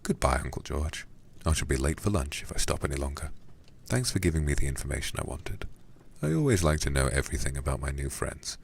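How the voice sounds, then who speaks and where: A man's voice: extremely low pitch, very animated, brisk, creaky, slightly rough, exaggerated voice. A man doing a languid, witty young aristocrat. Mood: wry. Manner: cool, ironic and epigrammatic. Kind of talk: whispered role-play.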